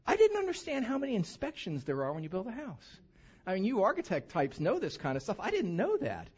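Male preacher, lively pitch swings, slightly dull lo-fi church recording. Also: fairly quick, slightly rough. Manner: lively, animated preaching with mock-drawl asides. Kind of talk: sermon with humorous anecdote. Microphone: handheld or stage microphone.

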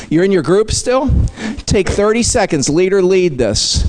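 A man's voice: sits high, very animated, measured pace, darkish tone. A man leading a Bible study, teaching small groups in a playful, emphatic way. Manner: playful, emphatic, sudden shifts in volume.

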